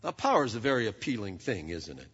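A man's voice: fairly low pitch, fast talker, breathy edge. Preaching man in a reverberant hall. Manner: conversational preaching, stumbles and repeats words, animated asides. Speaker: pastor. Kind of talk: sermon. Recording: dull sound with long hall reverb.

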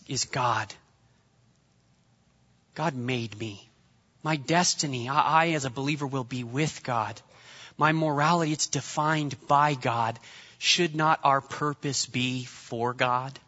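Male pastor, sermon, dull-sounding recording in a reverberant church hall. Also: a little high. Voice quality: bright, animated delivery with jokey put-on voices.

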